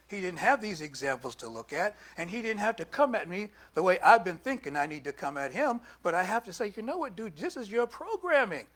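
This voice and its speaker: An older man preaching a sermon in a conversational way, putting questions to the congregation and moving between loud and soft. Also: fairly high pitch, husky. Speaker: minister.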